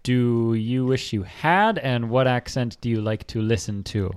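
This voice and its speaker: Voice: mid-range voice, unhurried, clear, resonant tone, no echo. A podcast host in casual chat, steering the talk with questions.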